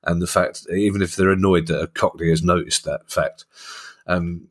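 A man's voice: sits low, steady tone, moderate pace. Chatty South London man hosting. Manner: chatty, jokey, many asides. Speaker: podcast host. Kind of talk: casual chat.

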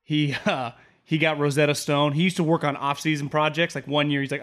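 A man's voice: on the high side, flat delivery, fast, fairly bright tone. A man co-hosting a sports podcast, talking football in a rambling, opinionated way and laughing often. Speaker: podcast co-host. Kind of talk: casual sports podcast chat.

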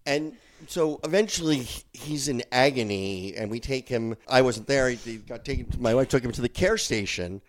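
Man, middle-aged, podcast co-host, casual chat, animated storyteller. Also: mid-range voice, moderate pace, slight background noise. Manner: animated storyteller, acts out quotes.

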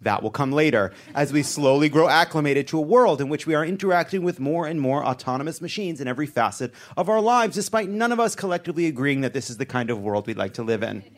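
A man anchoring a satirical comedy news segment, delivering jokes deadpan and breaking into asides. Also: on the high side, fast talker, hardly any pauses.

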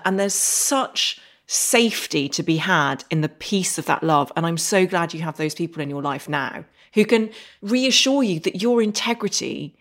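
A woman's voice: lowish voice, lively intonation, moderate pace, a bit bright. Woman podcast host, heartfelt and reflective, talking things through with her guest. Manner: earnest and emotionally open, musing aloud. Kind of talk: reflective interview conversation.

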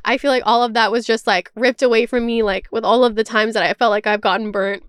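A young woman in her twenties talks in a high, smooth voice, stringing thoughts together with endless "like"s and casual swearing. Her chat is candid and open, a podcast host thinking aloud. The sound is close and dry. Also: fairly even intonation, fast, dry recording. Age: 20s. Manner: rambling, fills with "like", swears freely; candid and emotional.

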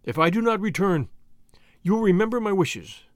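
A man's voice: high-pitched, big pitch swings, moderate pace, no echo, clean studio sound. A man doing a gloomy, solemn old Boer father. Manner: melancholy, groaning, solemn.

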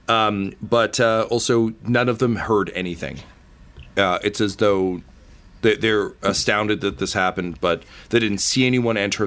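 A man narrating as game master of a tabletop game, halting with many fillers and casual swearing. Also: fairly low pitch, a bit bright, slight background noise.

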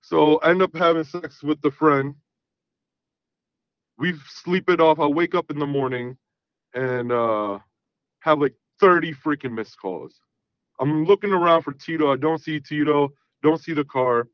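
A man's voice: on the high side, measured pace, no echo, muffled recording. A man in his thirties telling a long personal story in casual chat, rambling and often saying "you know what I mean". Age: 30s. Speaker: guest.

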